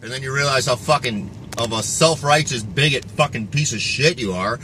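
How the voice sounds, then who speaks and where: Dude ranting into the camera, cussing a lot, bright edgy voice, faint hiss behind. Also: male voice, mid-range voice, moderate pace. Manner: profane, restless, self-interrupting. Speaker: fitness vlogger. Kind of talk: rambling casual monologue.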